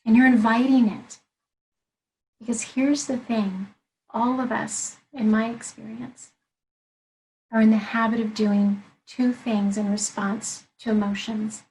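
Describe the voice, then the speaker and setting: Earnest woman coach explaining, slightly high voice. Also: steady tone, measured pace, darkish tone, a little hiss or hum, low-quality recording. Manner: earnest, explanatory, walks through points one by one. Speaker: life and executive coach. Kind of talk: interview conversation.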